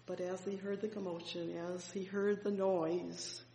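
A preacher telling a Bible story in a sermon, fervent, swelling loud and dropping soft, with frequent exclamations. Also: mid-range voice, flat delivery, a little slow, creaky, a little hiss or hum. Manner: fervent storytelling with sudden swells and drops in loudness. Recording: echoey hall reverb.

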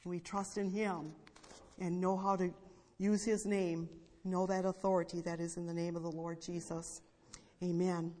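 A woman with a fairly low voice teaches from scripture in a sermon, reading verses aloud and then explaining them in plain words. Her speech is recorded in a church hall with a long, lingering reverb. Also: level tone, normal speed, dark tone. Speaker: preacher.

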